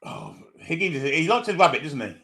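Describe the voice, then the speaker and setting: A man's voice: fairly high pitch, very animated, normal speed, pushed and bright. A man casually commentating a football match live, greeting viewers and reading their comments aloud. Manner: chatty, greets viewers, reads chat aloud. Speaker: live stream host.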